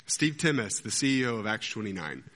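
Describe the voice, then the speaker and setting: Lively man preaching in a reverberant hall. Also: lowish voice, a little fast. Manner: animated storyteller, acts out film scenes. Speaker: pastor. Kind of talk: sermon.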